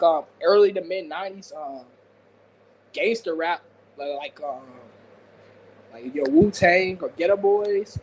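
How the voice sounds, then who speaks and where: A man's voice: high voice, slight background noise, low-quality recording. A man co-hosting a casual wrestling podcast, rambling with many fillers and frequent laughs. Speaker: podcast co-host. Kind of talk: casual chat.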